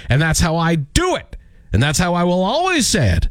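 A man's voice: a little high, big pitch swings, moderate pace, no echo, clean studio sound. A male radio morning show host doing a mock-indignant, emphatic comic rant. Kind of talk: ranting comic radio segment.

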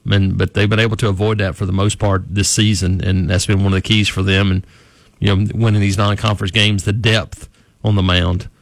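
A man's voice: lowish voice, level tone, a little fast, gravelly, dry recording. A man who reports on college sports, talking through a team's season on a radio show in a rambling, easygoing way with many restarts. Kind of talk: casual sports radio analysis.

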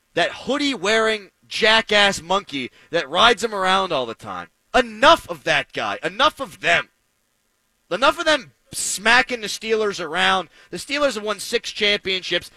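Man, sports rant, sarcastic and heated, bright edgy tone, dry close sound. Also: high voice, no echo, poor audio. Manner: heated, sarcastic, fired-up ranting. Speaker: sports commentator. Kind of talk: ranting sports commentary.

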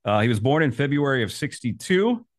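A man's voice: mid-range voice, very animated, brisk. A man hosting a podcast, asking questions in an upbeat, chatty way. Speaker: podcast host. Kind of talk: casual podcast interview.

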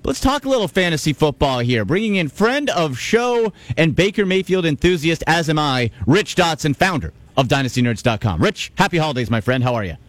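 Energetic sports radio host, dry studio sound. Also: male voice, a little high, a little fast, hardly any pauses, dry recording. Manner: energetic, emphatic, repeats for stress. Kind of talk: sports radio talk show. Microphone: studio microphone.

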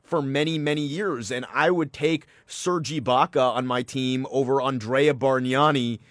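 Man, mid-pitched voice on a dry close mic, relaxed sports podcast co-host. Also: normal speed, dry recording. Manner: relaxed, laughs easily, asks "right?". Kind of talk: casual sports podcast chat.

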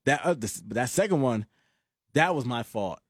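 A man's voice: medium pitch, expressive, moderate pace, no room sound, clean studio sound. A young man in casual chat, telling a story with lots of fillers and laughs.

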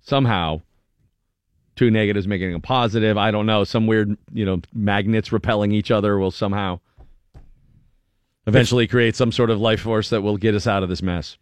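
A man's voice: on the low side, a little fast, smooth, no echo. A man hosting a morning radio show, chatting casually in a wry, joking manner. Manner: animated, wry, breaks into mocking impressions. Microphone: studio microphone.

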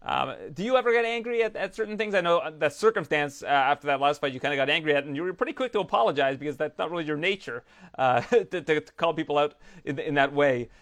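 A man's voice: a little high, expressive, quick pace, fairly bright tone. A man interviewing a fighter, friendly and chatty. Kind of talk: interview questions.

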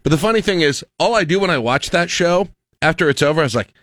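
A man's voice: a little high, expressive, fast, a bit bright, no echo, clean studio sound. A man hosting a casual talk show, telling stories in a rambling way with many restarts. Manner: rambling, self-interrupting storyteller with frequent restarts. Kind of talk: casual chat.

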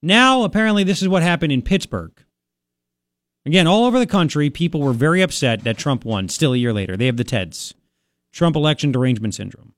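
A male radio host riffs sarcastically on the news, his voice a touch high and dry in the studio. He swings between mocking asides and animated rants. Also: a little fast, no echo. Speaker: radio talk show host. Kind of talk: opinionated talk radio.

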